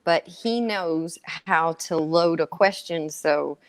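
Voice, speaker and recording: Frank low-voiced woman guest. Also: dry recording. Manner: frank, profane, slow and emphatic. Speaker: panel guest. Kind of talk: casual panel discussion.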